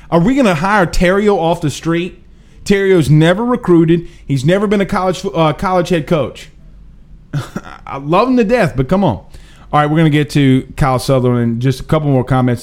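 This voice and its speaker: A man hosting a live sports talk show, reading viewer comments in an emphatic, animated, slangy way. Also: fairly high pitch. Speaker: host.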